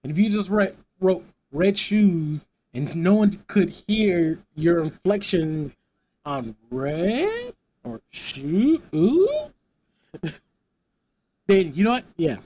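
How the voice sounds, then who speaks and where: A man's voice: sits high, sing-song, takes it slowly, darkish tone. A young adult man chatting casually with his stream audience, rambling and often repeating words.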